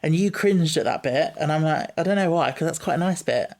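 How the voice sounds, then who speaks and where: A man's voice: fairly high pitch, brisk, a little mellow. A man hosting a podcast, chatting casually, musing aloud and laughing easily. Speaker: podcast host. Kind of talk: casual chat.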